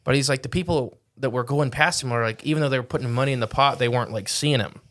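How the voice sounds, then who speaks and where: A man's voice: medium pitch, fast talker, fairly bright tone. Rambling male podcast co-host. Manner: rambling storytelling with many "like"s. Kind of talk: casual podcast chat.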